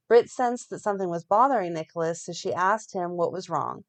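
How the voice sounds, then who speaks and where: A woman co-hosting a fan podcast, reading a plot recap in a steady run and breaking off now and then to comment. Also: lowish voice, moderate pace, vocal fry, hardly any pauses. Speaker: podcast co-host recapping a soap.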